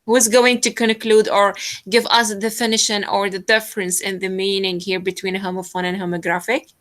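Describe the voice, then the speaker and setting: A woman's voice: mid-range voice, little pitch movement, brisk, a bit bright. A woman teaching a classroom lesson, explaining hesitantly with many fillers.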